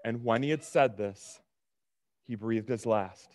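A man's voice: medium pitch, measured pace, a little mellow, no echo, studio quality. A man preaching a sermon in a conversational way, repeating words and checking in with his listeners. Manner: conversational, repeats words, asks the room "okay?". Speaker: pastor.

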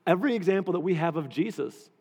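Guy pastor giving a sermon, kinda high voice, long echo off the hall. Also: lively intonation, fast, darkish tone, husky. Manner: conversational, repeats phrases for emphasis.

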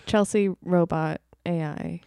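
Smooth-voiced woman, wry podcast co-host. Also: on the low side, steady tone, dark tone, no room sound, studio quality. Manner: wry, quick to laugh. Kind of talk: casual chat.

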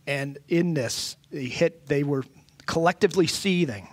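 A pastor's voice, a middle-aged man with a notably high pitch, preaching in an earnest, halting way that keeps circling back to restart his sentences. The sound is dry and close, with no room around it. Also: no echo. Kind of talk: sermon.

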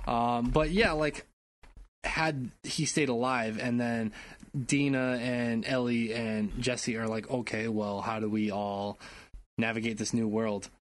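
A man's voice: medium pitch, fairly even intonation, takes it slowly, slight background noise. A man co-hosting a casual podcast, rambling a little and correcting himself as he talks about games. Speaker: podcast co-host. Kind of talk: casual chat.

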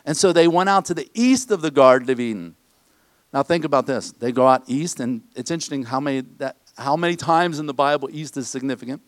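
A man's voice: mid-range voice, brisk, no echo. A man preaching a conversational sermon to his congregation in a church, often asking them questions. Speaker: pastor.

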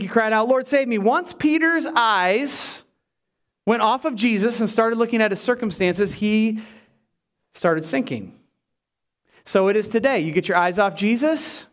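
Male pastor, higher-pitched voice, lively preaching style that plays out the scenes. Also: moderate pace. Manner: animated preaching, voices Bible characters. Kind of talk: sermon.

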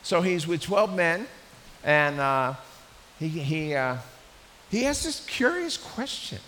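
A man preaching a sermon in a church, in a conversational, animated way with frequent restarts. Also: fairly high pitch, slow pace. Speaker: pastor. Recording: echoey hall with faint hiss.

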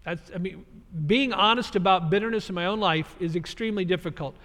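High-voiced pastor preaching in a reverberant hall. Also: male voice, fairly quick, fairly bright tone. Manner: earnest, emphatic expository preaching. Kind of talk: sermon. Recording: long reverb of a large hall.

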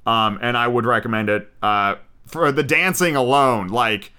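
A man's voice: mid-range voice, normal speed, pushed and bright, smooth. A man hosting his own podcast, rambling and swearing casually as he gives his opinions, with lots of ums and restarts. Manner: rambling, profane, opinionated, with many fillers. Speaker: podcast host. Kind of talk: casual solo podcast review. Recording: home-made unedited podcast.

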